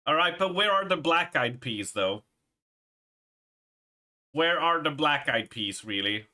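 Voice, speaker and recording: A man in his thirties talks loosely to his stream chat, wandering from thought to thought and breaking into laughs. His voice sits a little high and comes across bright and forward. He sounds like a streamer talking into a desk mic at home. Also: lively intonation, unhurried, long pauses. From Sweden. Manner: rambling, laughing, swearing. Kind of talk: casual live-stream chat.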